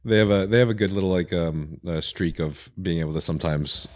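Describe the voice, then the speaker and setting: Very deep-voiced podcast host. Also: male voice, a little fast, darkish tone. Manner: laughs easily, short reactions, hesitant with many fillers. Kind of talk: casual chat.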